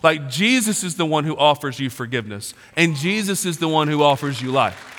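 Man preaching, casual slangy pastor, forty-something, bright voice, long hall reverb. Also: a little high, animated, brisk, some chatter behind. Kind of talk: sermon. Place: large church auditorium.

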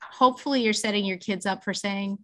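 A woman with a mid-pitched, everyday voice asks a follow-up question in casual conversation. She is thoughtful and a little hesitant, with "um"s and restarts. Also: brisk, pushed and bright.

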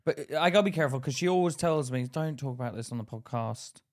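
A man's voice: medium pitch, fast talker, darkish tone. A man co-hosting a casual podcast chat, teasing and jokey, laughing often. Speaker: podcast co-host.

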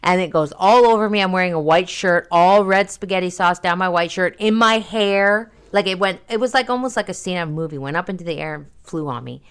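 Lively woman telling a story. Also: smooth. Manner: animated storyteller, leaps high when quoting herself, quick asides. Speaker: podcast co-host, daughter of the other host. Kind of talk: casual chat.

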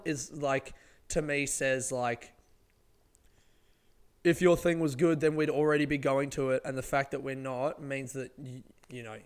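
A man's voice: medium pitch, clean tone. A man, a stand-up comedian swearing freely and rambling through stories in a casual podcast monologue.

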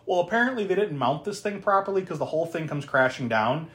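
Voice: medium pitch, expressive, quick pace. Laughing, sarcastic podcast co-host recapping. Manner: laughs often, sarcastic asides, swears freely. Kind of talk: casual chat.

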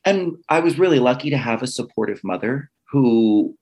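A man with a slightly husky voice tells a personal story in a relaxed, conversational way. He slips into the voices of the people he quotes and often restarts his sentences with fillers. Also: mid-range voice, moderate pace. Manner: animated, acts out quoted dialogue with restarts and "like" fillers.

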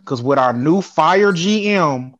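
A man co-hosting a casual sports podcast, talking in an animated, excitable way and riffing with his co-host. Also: fairly high pitch, slow pace, dry recording, muffled recording.

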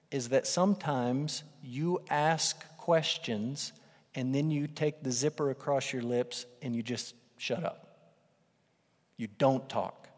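A man preaching a sermon in a conversational, emphatic way, swelling into loud bursts for emphasis. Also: medium pitch. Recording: reverberant hall.

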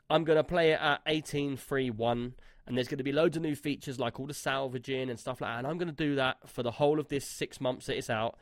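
A man's voice: mid-range voice, a bit bright, no echo, studio quality. A man co-hosting a casual gaming podcast, talking in a rambling way with many fillers and restarts. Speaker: podcast co-host.

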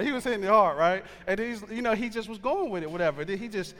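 A man's voice: sits high, lively intonation, fast, hardly any pauses, fairly bright tone, in a large hall. A man preaching a sermon, telling a story in a loose, conversational way with slang and frequent fillers. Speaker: pastor.

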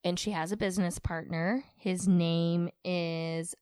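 Chatty woman, low voice, dry sound. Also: fairly even intonation, a little slow, a little mellow, clean tone, no room sound. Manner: chatty, filler-heavy, with frequent likes and ums. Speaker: podcast co-host. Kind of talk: casual chat.

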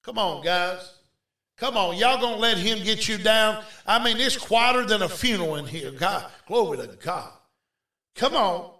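A male preacher delivers a fervent revival sermon, shouting and exhorting his listeners over and over. His voice is very high and bright. The sound is roomy, as if he stands back from the mic. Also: expressive, a little slow, far from the mic. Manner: shouting, exhorting the crowd with repeated calls. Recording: echoey room, voice off-mic.

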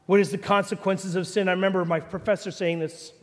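A man preaching a sermon as pastor, animated, swinging from loud peaks to low quiet asides. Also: fast talker, hardly any pauses. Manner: animated preaching, rising to shouts then dropping low. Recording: long reverb of a large hall.

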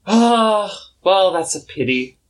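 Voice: medium pitch, expressive, takes it slowly, pitched above the performer's own voice. A game master voicing a brash elf woman who serves as a pirate crew's navigator. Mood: sizing up.

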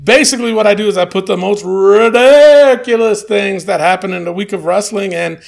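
A man co-hosting a loose chat show, with a voice that sits high and has a gravelly edge. He stumbles through fillers and restarts, then delivers blunt, dry verdicts. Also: moderate pace. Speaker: podcast co-host. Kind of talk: casual chat.

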